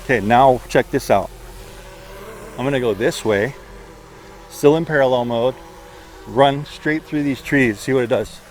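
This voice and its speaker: A man doing excitable, casual commentary outdoors while flying and chasing a drone, out of breath at times. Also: mid-range voice, measured pace, pauses often, a little hiss or hum. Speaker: drone reviewer. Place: outdoors among trees.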